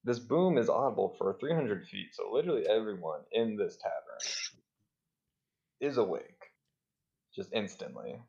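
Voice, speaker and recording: Chill gravelly game master guy, lo-fi dull mic. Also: lowish voice, moderate pace, pauses often. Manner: relaxed, laughs often. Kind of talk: narrating a tabletop game.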